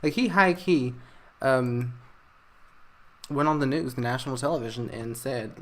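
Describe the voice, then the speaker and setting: A man narrating a game story in playful, gossipy commentary. He bursts into excited exclamations and keeps up a chatty, casual flow in a mid-range voice. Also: mid-range voice, unhurried, long pauses.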